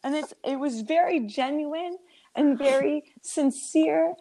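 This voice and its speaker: Speaking slowly with a voice that sits high, this woman co-hosts a podcast. The conversation is casual, and she laughs frequently while telling lively stories.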